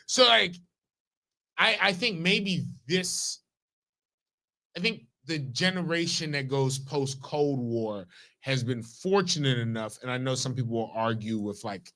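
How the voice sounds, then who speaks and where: A man's voice: medium pitch, sharp tone. Rambling profane man co-hosting. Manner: rambling, profane, halting restarts. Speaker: co-host. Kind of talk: casual comedic chat.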